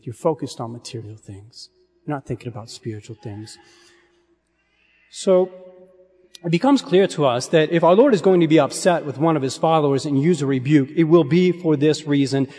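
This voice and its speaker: Earnest male preacher in a reverberant hall. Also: medium pitch. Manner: earnest, measured, dropping to a hush on key phrases. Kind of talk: sermon.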